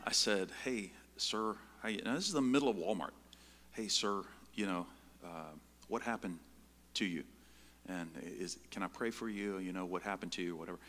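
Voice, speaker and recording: A middle-aged man preaching a sermon full of personal stories, acting out scenes with sudden jumps in pitch and volume. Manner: animated storytelling, jumps high and loud when acting out scenes. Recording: long hall reverb.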